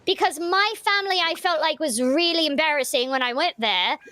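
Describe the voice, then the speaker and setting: A young woman guesting on a live stream, telling stories in a bubbly, rapid way. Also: sits high, animated, pushed and bright, no room sound. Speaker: voice actress guest. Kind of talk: casual live-stream chat.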